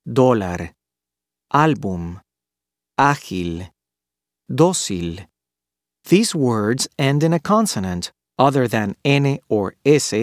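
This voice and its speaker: A man reading a scripted pronunciation lesson, clearly enunciating each model word. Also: mid-range voice, no echo, studio quality. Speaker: language teacher.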